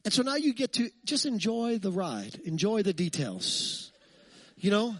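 A man pastor preaching a lively, conversational sermon, full of jokes and asides to the congregation. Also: high voice, unhurried, no echo.

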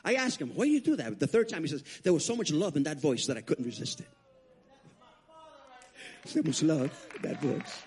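A man's voice: on the high side, sing-song, fast, hardly any pauses, a little mellow, husky. A man preaching as a guest pastor, telling stories animatedly, acting out the people he quotes and often stammering into restarts. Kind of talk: sermon.

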